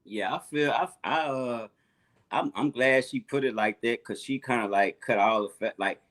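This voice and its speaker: A man's voice: medium pitch, moderate pace, fairly bright tone. A man on a podcast panel, speaking hesitantly with stammers and restarts. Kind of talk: casual podcast discussion.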